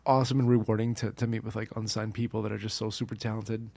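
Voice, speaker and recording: A man's voice: on the low side, flat delivery, quick pace, creaky, darkish tone, dry recording. A man talking casually as a podcast guest, a music producer who rambles with lots of fillers and restarts. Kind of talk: casual chat.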